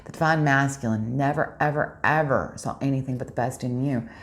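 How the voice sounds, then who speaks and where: A woman's voice: very deep voice, fairly quick. A woman giving a spiritual tarot reading, talking earnestly and a bit preachily straight to her viewers. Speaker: tarot reader.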